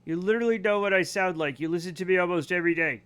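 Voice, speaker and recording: A man's voice: high voice, fairly bright tone, clean tone. A man live-streaming a game, chatting casually and cracking teasing jokes. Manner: joking, teasing, quick banter. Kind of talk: casual gaming stream chat.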